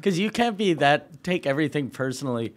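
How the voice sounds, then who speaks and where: A man's voice: a little high, lively intonation, fairly quick. A man in a casual podcast chat, laughing often and talking animatedly.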